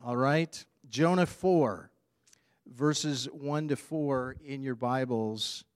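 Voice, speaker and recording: A man preaching a sermon as a pastor, in a relaxed, conversational way. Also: mid-range voice, takes it slowly, clean tone, no echo, clean studio sound.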